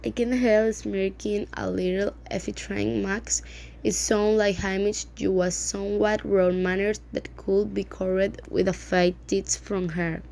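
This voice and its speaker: A woman reading a novel aloud in a halting way, often stumbling over words and starting them again. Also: mid-range voice, little pitch movement, gravelly, a little mellow. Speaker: reader.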